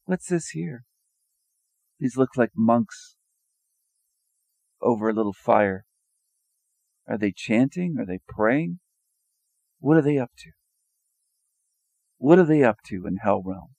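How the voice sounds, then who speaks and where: A man's voice: medium pitch, expressive, slow pace, gravelly, long pauses, mellow, dry recording. A man giving a sarcastic, mocking monologue over images, firing rhetorical questions and repeating his phrases. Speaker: video commentator.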